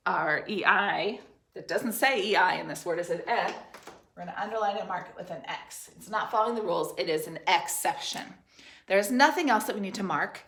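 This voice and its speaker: A woman teacher dictating spelling words to third graders, stretching out each syllable and letter as she sounds them out. Her voice sits at a middle pitch, and the room gives it a noticeable echo. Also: a bit bright. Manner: slow, clearly enunciated, sounding out letters and syllables. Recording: roomy echo.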